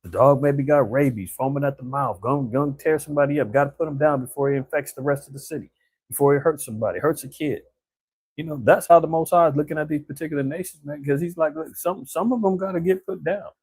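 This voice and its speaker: Husky-voiced man preaching casually. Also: a little high, fast talker, darkish tone, no room sound, low-quality recording. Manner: conversational, colloquial, drops in "man" and "right?". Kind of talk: casual scripture commentary on current events.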